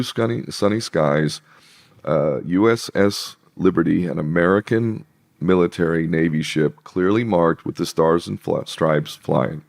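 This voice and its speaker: A man's voice: sits low, creaky, darkish tone. A man talking in casual conversation, emphatic and sarcastic, laughing between points. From British Isles. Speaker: podcast guest.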